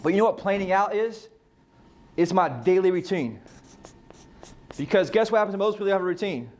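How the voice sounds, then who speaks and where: A man's voice: high voice, expressive, fairly quick. A man coaching a real estate team in a casual motivational talk, firing off rhetorical questions and swearing freely.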